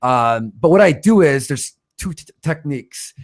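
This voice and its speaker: A man hosting a livestream, reading out donations in blunt, swear-heavy casual chat, with a stutter and a voice roughened by smoking. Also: a little high, lively intonation, moderate pace. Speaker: livestream host.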